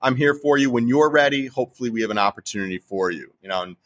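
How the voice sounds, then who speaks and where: This real estate investor, a fast-talking man with a mid-range voice and a New Jersey accent, speaks animatedly and forcefully about investing. He's a guest in a casual interview.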